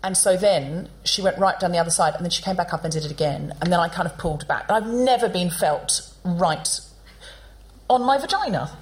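Woman comedy podcast host on stage, lowish voice, animated chatty storytelling, does the voices of people in her story. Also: a little fast. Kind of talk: live comedic storytelling to an audience. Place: live venue on stage.

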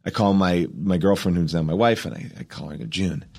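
A man with a fairly low voice tells a story on a podcast. He narrates animatedly and slips into quoted voices. His sentences come in fast bursts with restarts. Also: creaky, darkish tone. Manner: acts out quotes, rapid restarts. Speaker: guest.

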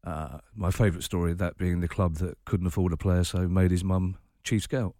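A man co-hosting a sports radio show in a studio, chatting casually in a quick, jokey way. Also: low voice, no room sound. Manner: quick, jokey, animated storyteller. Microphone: studio microphone.

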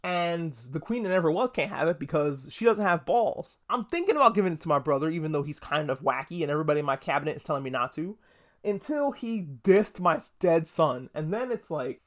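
Guy doing a solo podcast review, kinda high voice, swears a lot and rambles. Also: animated, brisk, fairly bright tone. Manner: profane, rambling, jokey asides. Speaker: podcast host reviewing a TV episode.

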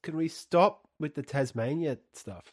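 A man's voice: a little high, a little slow, husky, dry recording. A man co-hosting a podcast in casual chat, with a dry, teasing, sarcastic manner. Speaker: podcast co-host.

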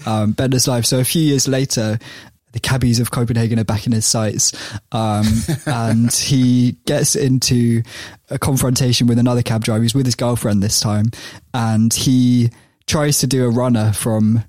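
A man's voice: medium pitch, fairly even intonation, moderate pace, hardly any pauses, darkish tone, no echo. Man telling stories, laughing often. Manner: chatty, laughs often, many fillers and restarts. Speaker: podcast host. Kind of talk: podcast storytelling.

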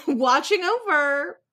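A woman's voice: high-pitched, lively intonation, extremely slow, bright, forceful tone. A woman guesting on a casual comedy podcast, giggly, swearing freely and acting out characters.

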